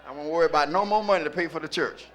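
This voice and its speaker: Male pastor, high voice, rhythmic preaching from hush to shout. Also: very fast, some chatter behind, slight background noise. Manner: rhythmic preaching that swings from low murmurs to shouting. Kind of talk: sermon.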